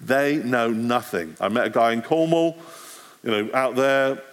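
A middle-aged man, a street evangelist, giving an animated talk to a church audience. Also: mid-range voice, measured pace. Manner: animated, acts out street conversations.

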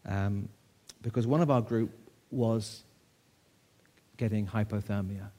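A man's voice: lowish voice, fairly even intonation, slow pace, mellow. A man in his sixties from the United Kingdom preaching a sermon to his church, telling a story in a conversational way with rhetorical questions.

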